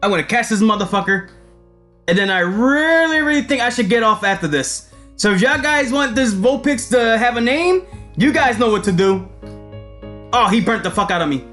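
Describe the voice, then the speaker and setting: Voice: mid-range voice, expressive, moderate pace, fairly bright tone. Loose, laughing game streamer in casual commentary, swears freely, faint music under.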